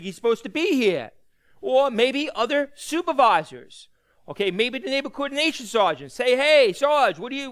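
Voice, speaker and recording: A man's voice: high voice, fairly bright tone, smooth. A man teaching a lecture, talking conversationally, asking the class rhetorical questions and repeating key points for emphasis. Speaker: instructor.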